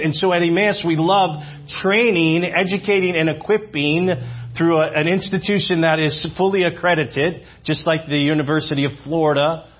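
A man in his forties preaching a sermon in church, animated, repeating phrases for emphasis and asking the congregation questions. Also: fairly high pitch, dull audio. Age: 40s. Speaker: visiting speaker. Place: church sanctuary.

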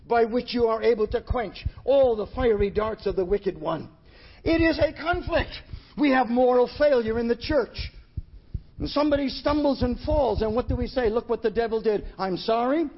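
A man preaching a sermon in a church, emphatic and rising to shouts on key phrases. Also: very high voice. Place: church hall. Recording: dull lo-fi sermon recording.

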